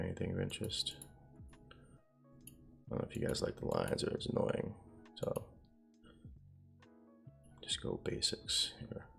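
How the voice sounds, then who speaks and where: A man's voice: low-pitched, vocal fry. A man streaming his day trading live, talking casually to viewers and muttering to himself as he reads the charts. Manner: rambling, self-talking, mutters at the screen.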